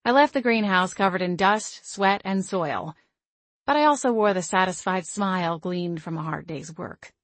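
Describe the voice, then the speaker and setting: A woman reading a first-person audiobook in a steady, even storytelling manner. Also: fairly low pitch, moderate pace, dry recording. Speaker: audiobook narrator.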